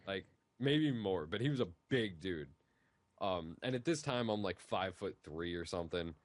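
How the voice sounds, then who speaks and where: A young man on a voice call, casually telling long stories in a rambling way, filling every pause with "like". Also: low voice, expressive, no echo. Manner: rambling, heavy use of "like". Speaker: guest on group call. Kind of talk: casual storytelling.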